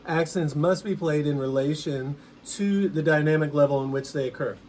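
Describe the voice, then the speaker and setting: A man teaching percussion in a relaxed, conversational way, now and then singing rhythms aloud. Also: on the high side, moderate pace, a little hiss or hum. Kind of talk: casual instructional explanation.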